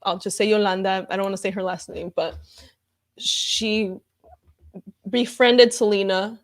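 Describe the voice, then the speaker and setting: A woman's voice: medium pitch, fairly even intonation, unhurried. Heated woman ranting through a reaction video. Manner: heated and upset, rambling with many fillers; reads viewer comments aloud. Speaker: comedian reacting to news. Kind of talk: casual emotional reaction vlog.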